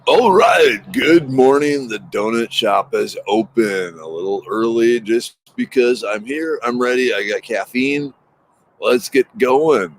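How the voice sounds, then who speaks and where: A man's voice: mid-range voice, animated, takes it slowly. A man hosting a casual morning livestream from his backyard, greeting viewers by name in an upbeat, rambling way. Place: outdoors in a backyard. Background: traffic noise.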